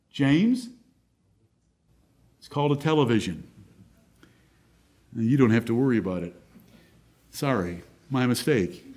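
Pastor guy preaching in church, kinda high voice, slow careful scripture reading. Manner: earnest preaching, reads scripture slowly with emphasis. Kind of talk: sermon.

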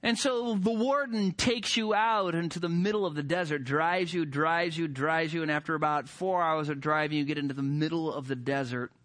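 A male preacher giving a sermon with animated emphasis and rhetorical questions. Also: on the high side, brisk, few pauses.

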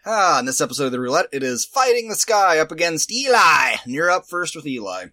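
A man co-hosting a podcast, chatting casually and throwing in quick jokes. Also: on the high side, big pitch swings, sharp tone. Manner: joking, quick asides. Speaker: podcast co-host. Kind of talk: casual chat.

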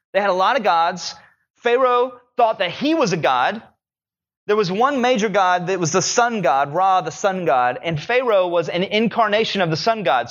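A man's voice: sits high, fairly bright tone, muffled recording. A man preaching a sermon, retelling scripture in a conversational, dramatic way. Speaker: pastor.

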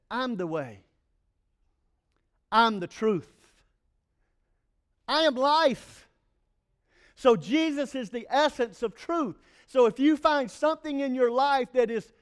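A male pastor preaching a sermon, animated and playful, with joking asides to the congregation. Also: sits high.

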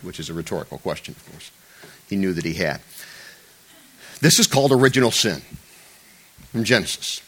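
A man's voice: low-pitched, fairly quick, long pauses, slightly rough. A man preaching a conversational sermon to his congregation, with playful asides. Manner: animated, conversational, jokey asides. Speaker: pastor.

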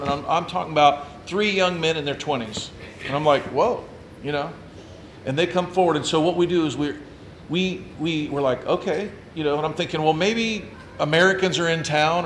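A man who is a pastor telling a story in a lively, humorous way and acting out his own quotes. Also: a little high, slight background noise. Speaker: Presbyterian pastor. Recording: echoey room with faint ambience.

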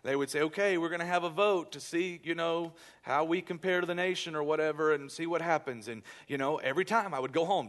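Preacher man with a slightly high voice. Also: fast, hardly any pauses. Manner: storytelling with hushed prayer and raised quoted voices. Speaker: pastor. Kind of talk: sermon. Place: church.

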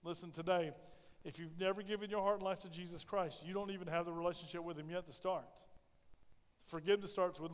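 A male pastor preaching a sermon in a church, building emphasis and then dropping soft. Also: high voice, steady tone, quick pace, long reverb tail. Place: church sanctuary.

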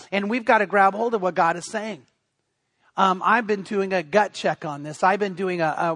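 A man's voice: sits high, fairly bright tone. A man, the pastor, giving a sermon in an earnest, conversational preaching manner.

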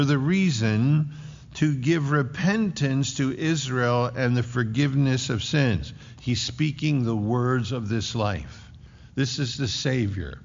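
A man preaching a sermon as a pastor, reading scripture aloud and stressing words slowly and firmly. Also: mid-range voice, expressive, vocal fry, long reverb tail, dull audio.

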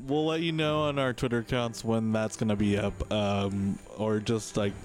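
A man's voice: on the low side, steady tone, moderate pace, faint music behind. A man co-hosting a podcast in casual chat, rambling and laughing often. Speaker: podcast co-host.

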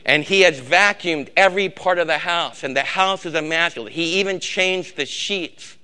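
An older man preaching a sermon as a pastor, swinging from loud exhortation down to low, quiet emphasis and repeating words for weight. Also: normal speed, clear, resonant tone.

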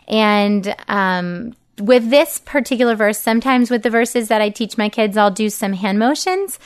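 Woman, 30s, mid-pitched and smooth; relaxed, earnest Bible teacher who coaches parents step by step. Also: measured pace. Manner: earnest and encouraging, walks through each step. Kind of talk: casual spoken teaching.

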